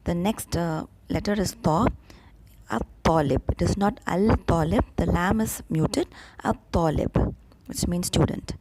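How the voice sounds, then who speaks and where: A woman's voice: on the low side, moderate pace, hardly any pauses, warm tone, a little hiss or hum. A woman teaching an Arabic grammar lesson, patiently repeating each example word with small fillers. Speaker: Arabic tutor. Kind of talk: step-by-step language lesson.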